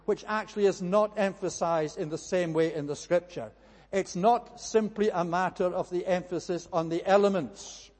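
A man delivering a sermon as a minister, earnest and emphatic, often pausing with "eh" between phrases. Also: high-pitched, a little mellow. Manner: earnest, emphatic preaching with frequent "eh" fillers. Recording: long reverb of a large hall.

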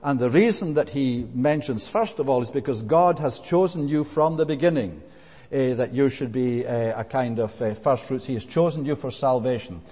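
A man's voice: medium pitch, normal speed, warm tone. A man preaching a sermon, emphatic and repetitive, with frequent hesitant fillers. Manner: emphatic, repeats points with rising stress, frequent "eh" and "uh" fillers. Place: church. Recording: long reverb of a church hall.

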